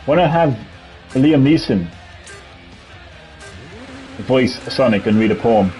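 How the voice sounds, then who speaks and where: A man's voice: mid-range voice, expressive, takes it slowly, darkish tone, soft background music, rough recording. An Irish man giving casual, rambling gameplay commentary while answering chat as a streamer. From Ireland. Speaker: gaming streamer.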